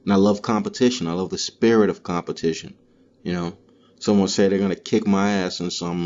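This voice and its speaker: Deep, mellow-voiced man ranting casually. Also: normal speed, lo-fi sound. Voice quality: profane, rambling, animated storytelling. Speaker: podcast host. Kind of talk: casual comedic monologue.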